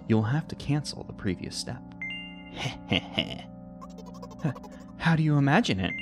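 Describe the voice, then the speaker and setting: A young man reading a text game aloud with playful commentary, jumping between squeaky high and low reading voices. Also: a bit bright.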